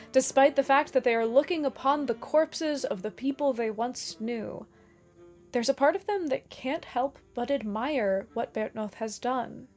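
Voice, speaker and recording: A woman narrating a scripted video essay in a measured, explanatory way, with dramatic emphasis on key lines. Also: a little high, darkish tone.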